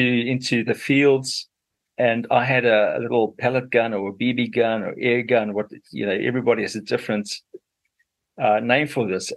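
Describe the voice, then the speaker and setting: A middle-aged man from Zambia with a Zambian accent, a radio interview guest telling his story unhurriedly with many fillers. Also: medium pitch.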